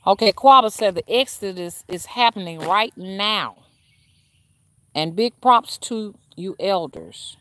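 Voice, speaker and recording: A woman rootworker hosts a casual livestream, calling her viewers y'all and reading their comments aloud. Her medium-pitched voice is animated, bright, and forceful but slow, recorded dry, and she rambles with frequent restarts and fillers.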